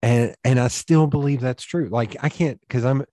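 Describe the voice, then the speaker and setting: Man, warm mellow voice, dry close sound, rambling anecdotes with acted-out dialogue. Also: mid-range voice, moderate pace, dry recording. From East Tennessee, USA. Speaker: podcast guest. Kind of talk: casual storytelling conversation.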